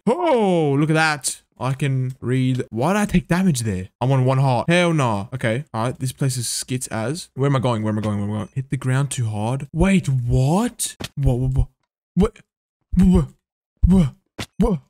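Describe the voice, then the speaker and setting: A man giving live gameplay commentary, excitable and swearing under his breath, with sudden gasps and outbursts. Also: medium pitch, no room sound. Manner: mutters to himself, swears when frustrated. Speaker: gaming video creator.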